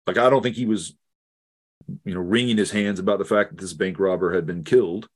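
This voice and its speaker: Earnest deep-voiced man telling a story. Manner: earnest, halting, many restarts. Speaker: guest theologian. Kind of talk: reflective storytelling in conversation.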